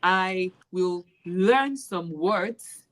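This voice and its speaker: A Nigerian woman speaks in a casual interview, her voice sitting a little low. She tells classroom stories in an animated way and laughs easily as she goes. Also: drawn-out words, rough recording. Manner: animated storyteller, laughs while retelling classroom moments. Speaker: special education maths teacher.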